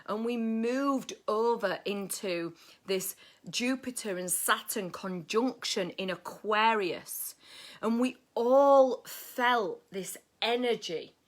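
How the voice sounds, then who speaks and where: A woman's voice: on the high side, slow. A woman hosting a casual astrology livestream, playful and swearing, greeting viewers by name. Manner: playful, swearing, sings snatches of songs; reads viewer comments aloud.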